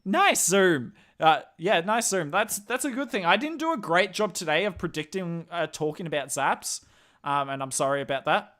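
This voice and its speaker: Bright-voiced Australian man streaming casually. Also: on the high side, animated, a little fast. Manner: chatty, answers chat questions, thinks aloud. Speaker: game streamer and commentator. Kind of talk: casual live-stream chat.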